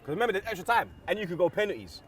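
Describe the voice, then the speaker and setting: A man talking football as a fan pundit in excitable, slang-filled chat, telling stories with loud outbursts. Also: high voice, very fast, crowd noise.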